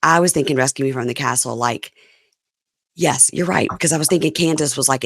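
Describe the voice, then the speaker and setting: A woman in her fifties hosting a podcast, her voice hoarse and going out as she chats candidly about reality TV. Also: low-pitched, brisk, no room sound, clean studio sound. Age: 50s. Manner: chatty and candid, animated asides. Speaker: podcast host. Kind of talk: casual reality TV recap chat.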